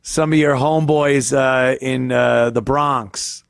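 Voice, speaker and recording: A man's voice: mid-range voice, fairly even intonation, slow, vocal fry, smooth, no echo, clean studio sound. A male host ranting in a crude, profane, rambling way on a casual comedy podcast.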